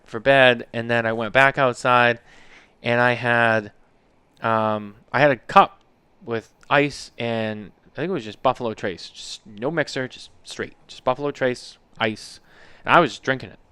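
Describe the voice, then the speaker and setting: A man in his thirties co-hosts a podcast in loose, casual chat, rambling through his stories with plenty of "like" and "you know" and the odd swear word. His voice is smooth and clean, with medium pitch. The sound is dry and close. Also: bright, forceful tone, no room sound. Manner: rambling storyteller, swears freely, heavy use of "like" and "you know". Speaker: podcast co-host.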